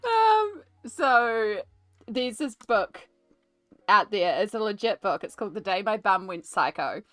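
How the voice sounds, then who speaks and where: Female streamer with a Kiwi accent, casual and laughing, dry sound with soft music underneath. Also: mid-range voice, sing-song, unhurried, no room sound. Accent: New Zealand. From New Zealand. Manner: chatty, laughing storyteller. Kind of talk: casual chat while colouring.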